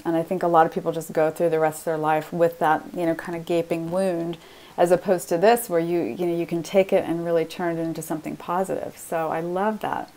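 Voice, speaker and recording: A woman's voice: lowish voice, darkish tone. A middle-aged woman hosting an interview, reflective and affirming. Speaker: interview host. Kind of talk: conversational interview.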